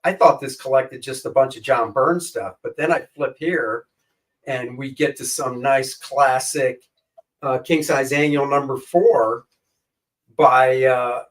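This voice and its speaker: A man's voice: mid-range voice, distant mic. A man co-hosting a casual chat, answering with dry, sarcastic retorts. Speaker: co-host.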